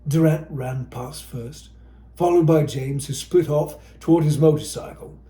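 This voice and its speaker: A man narrating an audiobook with dramatic tension, his voice mellow and somewhat high. The pitch moves expressively, and the room leaves a clear echo. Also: a little slow.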